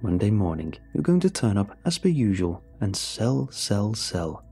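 A man voicing a calm, persuasive male leader of a sinister cult, speaking in a smooth, coaxing way. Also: fairly low pitch, unhurried, faint music behind, heavily acted. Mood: calmly menacing.

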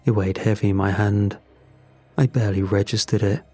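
A man narrating a first-person horror story in a measured, grim way. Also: lowish voice, steady tone, darkish tone, breathy edge, no echo, soft background music.

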